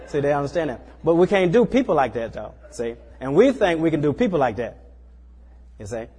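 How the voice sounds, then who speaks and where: In a small church, a man preaches a loose, conversational sermon, folksy in tone and full of repeated tag questions like "you know" as he checks in with listeners. His slightly high voice is very animated, a little fast, mellow and husky, trailing off into long reverb.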